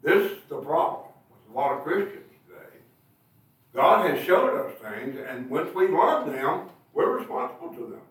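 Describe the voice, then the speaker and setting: A male preacher with a high, animated voice delivers a sermon, tossing rhetorical questions to his listeners and hammering home his points. He sounds set back from the mic, and the church room echoes heavily around him. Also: moderate pace, far from the mic. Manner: rhetorical tag questions, emphatic bursts.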